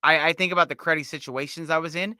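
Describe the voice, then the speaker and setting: A man's voice: a little high, fairly even intonation, fast, pushed and bright, dry recording. A man co-hosting a casual recovery talk, upbeat and reflective, often tagging thoughts with "right?". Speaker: musician and podcast co-host.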